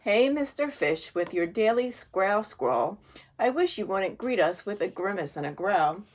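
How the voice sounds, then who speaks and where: A woman reading as a gentle drifting jellyfish in a storybook. The voice is soft and a touch lower, in a sing-song. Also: big pitch swings, unhurried. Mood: chiding. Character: gentle floating male jellyfish.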